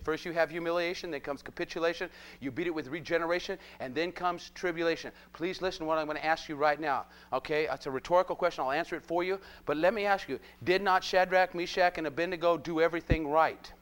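A man preaching a live sermon, animated and jokey, constantly prodding his listeners with rhetorical questions. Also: fairly high pitch, fast talker, hardly any pauses.

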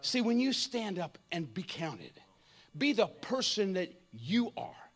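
A man in his fifties preaching an energetic, comedic sermon, joking and acting out voices. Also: high-pitched, takes it slowly. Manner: animated, jokey, acts out voices, shouts at times.

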